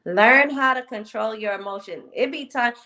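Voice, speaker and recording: A woman with a slightly high voice hosting a live stream. She talks candidly and emphatically in a casual way. Her voice is fairly bright and open. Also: moderate pace. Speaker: host.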